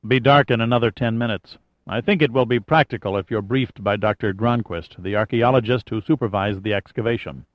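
A male audiobook reader, staying close to his everyday voice, plays a composed expedition leader who briefs and directs without fuss. His voice is on the low side and fairly quick, delivered in a level, plain, matter-of-fact way. The recording is dry and slightly muffled, with no room sound.

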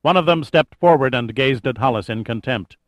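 Man, audiobook thriller narrator, steady measured delivery, dry close sound. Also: mid-range voice, dry recording.

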